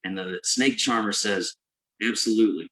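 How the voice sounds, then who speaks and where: A man performing a stand-up comedy set, telling a long deadpan story and mock-cheering the crowd in sudden high bursts. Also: moderate pace, poor audio. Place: live venue with audience.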